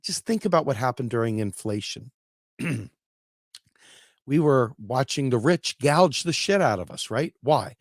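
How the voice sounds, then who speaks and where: A man's voice: medium pitch, expressive, a little slow, no echo, clean studio sound. A man hosting opinionated solo political commentary who talks bluntly, with swearing and sarcasm.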